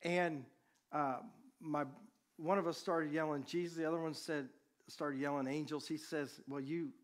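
A man preaching, a pastor telling a personal story to his congregation in a conversational, animated way. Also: a little high, measured pace.

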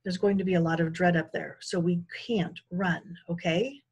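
A woman's voice: fairly low pitch, steady tone, brisk, darkish tone, breathy edge. A woman voicing an impatient, bossy female mouse adventurer in a read-aloud storybook. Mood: urgent.

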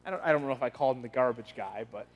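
A man's voice: mid-range voice, racing, highs cut off. A man pastor preaching a sermon in a conversational storytelling way, often restarting and repeating words. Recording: long reverb of a large hall.

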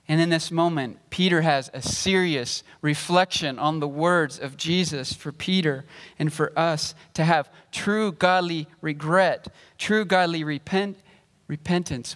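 Pastor guy preaching slow, reading verses and explaining them, echoey church hall. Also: fairly high pitch, a bit bright. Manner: measured, explanatory preaching, reading scripture aloud. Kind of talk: sermon. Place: church sanctuary.

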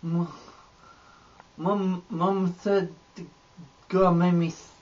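A man putting on a slow, stammering simple young man. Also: sits high, little pitch movement, darkish tone, distant mic. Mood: halting, earnest. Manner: slow, stammering, hesitant speech. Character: slow, halting, simple-minded young man named Heath. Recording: dull lo-fi audio with faint noise.

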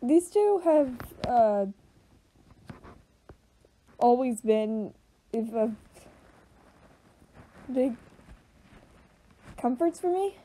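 A woman's voice: a little high, expressive, warm tone, low-quality recording. Tearful young woman reacting to a finale. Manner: halting, full of fillers and restarts. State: choked up, voice tearful. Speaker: video reactor. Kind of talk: emotional reaction commentary.

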